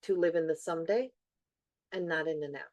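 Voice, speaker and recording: A woman's voice: sits low, very fast, a little mellow, no room sound. A middle-aged woman hosting a podcast, talking in an earnest, reflective way and repeating phrases for emphasis. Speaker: podcast host. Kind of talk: reflective casual chat.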